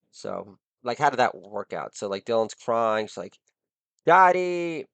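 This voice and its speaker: A man's voice: on the low side, measured pace, dry recording. A middle-aged man, a podcast host, delivering a crude comic monologue and laughing at his own jokes.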